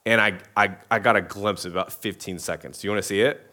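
A man's voice: lowish voice, fairly even intonation, quick pace, sharp tone. A man, preaching a sermon in a casual, joking way and often asking the crowd questions. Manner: casual, joking, many restarts, asks the crowd. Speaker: pastor.

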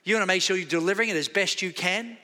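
A man's voice: sits high, rapid-fire, big-room sound. An Australian man in his fifties preaching a sermon, telling stories with acted dialogue. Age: 50s. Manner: storytelling with acted dialogue, animated. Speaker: pastor. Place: church sanctuary.

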